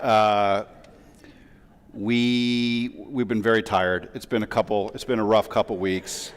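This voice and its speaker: A man in his forties, a rabbi, giving a sermon as a relaxed, self-deprecating story full of asides. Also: lowish voice, takes it slowly, clear, resonant tone. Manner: chatty, self-deprecating, with many fillers and asides. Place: large synagogue sanctuary. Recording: long reverb of a large hall.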